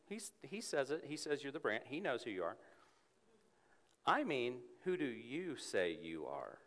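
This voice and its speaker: A man preaching a sermon in church, earnest, rising to emphatic peaks and dropping to a soft hush. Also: mid-range voice, big pitch swings, normal speed. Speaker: pastor. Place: church sanctuary with congregation. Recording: long hall reverb.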